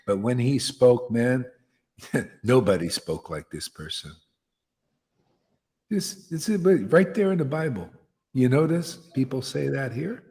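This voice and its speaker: A man's voice: mid-range voice, sing-song, slow, pauses often, warm tone. A man giving an impassioned devotional sermon as a spiritual teacher, blunt and fiery, dropping slang like "man". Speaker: spiritual teacher leading satsang. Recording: long hall reverb.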